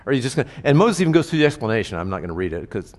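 A man's voice: medium pitch, big pitch swings, racing. A man preaching a sermon in a conversational way, often asking his listeners rhetorical questions. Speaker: pastor. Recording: reverberant hall.

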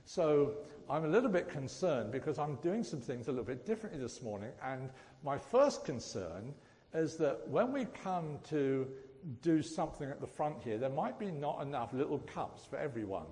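A man's voice: fairly high pitch, big pitch swings, normal speed, a little mellow, big-room sound. A man giving a chatty, joking church talk and addressing the congregation directly as lay preacher. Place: church hall.

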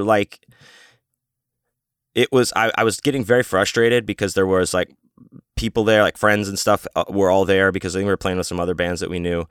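A man's voice: fairly low pitch, fairly bright tone, clear, resonant tone, no echo, studio quality. A man hosting his own show, telling a rambling story in a casual, profane, self-interrupting way. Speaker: podcast host and author.

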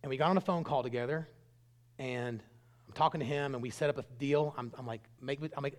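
A middle-aged man preaching a sermon, telling stories earnestly and swinging between loud bursts and hushed lines. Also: medium pitch, brisk. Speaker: pastor.

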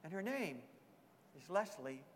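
A man's voice: a little high, very animated, a little slow, a little hiss or hum. A man preaching a sermon as a pastor, earnest, repeating emphatic phrases. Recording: long hall reverb.

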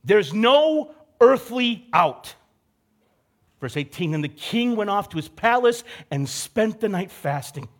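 A young male pastor preaching in a relaxed, conversational way, slipping into the voices of the people in his story. His voice sits high for a man, and he takes his time with his words. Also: slow pace. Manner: conversational, acts out characters in quotes. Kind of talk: casual sermon.

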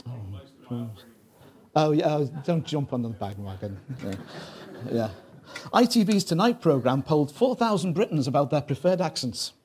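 A man's voice: a little high, animated, normal speed, a little mellow, slightly rough. A man from Liverpool with a Scouse accent, preaching a sermon in a joking, conversational way full of asides. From Liverpool, England. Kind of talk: sermon with jokes.

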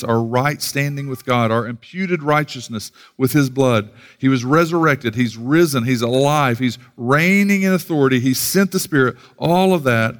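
An earnest man preaching a sermon, his voice sitting at an ordinary middle pitch. He reads scripture aloud and often repeats a word or two as he starts each new thought. He is from the United States. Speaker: pastor.

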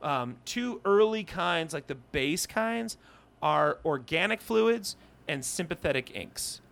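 Lively, jokey man telling stories. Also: fairly high pitch. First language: English. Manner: animated, jokey storytelling with profanity. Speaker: podcast co-host. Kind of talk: casual comedic chat.

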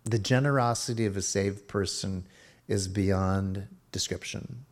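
A man with a fairly low voice preaches a sermon, walking through a Bible story and slipping into the voices of its characters. His delivery is expository and conversational. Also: measured pace. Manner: expository preaching with acted-out quotes of Bible figures. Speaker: pastor.

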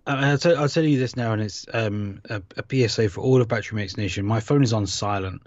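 A man's voice: fairly low pitch, quick pace, dry recording, lo-fi sound. A British man co-hosting a podcast, chatting casually and laughing at himself. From Britain. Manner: chatty, self-mocking, laughs often. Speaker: podcast co-host. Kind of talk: casual chat.

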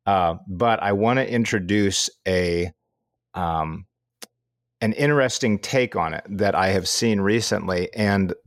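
Low-voiced middle-aged man, chatty podcast host. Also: no echo, studio quality. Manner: unhurried storytelling, chuckles often. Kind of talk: casual chat.

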